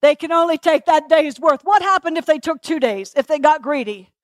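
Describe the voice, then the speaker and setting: A woman's voice: sits high, lively intonation, brisk, no room sound, clean studio sound. A woman preacher delivering a passionate sermon, repeating phrases and asking the congregation questions.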